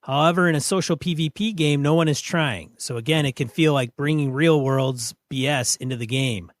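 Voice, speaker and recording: Blunt man with a higher voice, dry. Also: moderate pace, dry recording. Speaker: podcast co-host. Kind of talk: casual podcast chat and reading listener mail.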